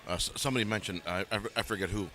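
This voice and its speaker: Deep-voiced fast-talking male co-commentator. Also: pushed and bright. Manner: chatty, quick, friendly banter. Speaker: pool co-commentator. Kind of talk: casual live commentary.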